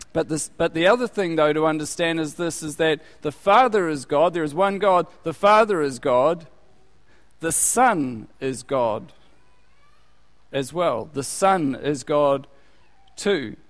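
A man preaching a sermon, asking his listeners questions and rising in volume when he quotes scripture. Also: a little high. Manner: unhurried, rising loud on scripture quotes, asks the audience questions. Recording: long hall reverb.

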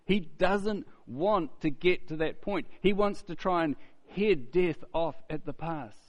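A man's voice: a little high, lively intonation, takes it slowly. A man preaching a sermon in a conversational way, often asking "isn't it?" and repeating words as he goes.

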